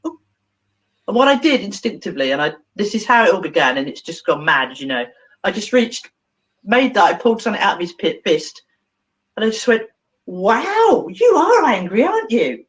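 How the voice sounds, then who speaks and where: A woman's voice: lowish voice, a little fast, poor audio. A woman, a therapist, telling a story animatedly in an interview, acting out voices and laughing often. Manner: expressive, acts out dialogue, laughs often.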